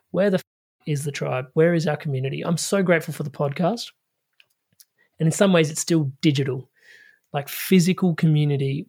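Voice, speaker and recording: A man speaking as a life coach guest on a podcast, telling stories with casual slang and lots of fillers. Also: fairly high pitch. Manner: energetic, storytelling, spiritual self-help phrasing. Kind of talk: animated podcast conversation.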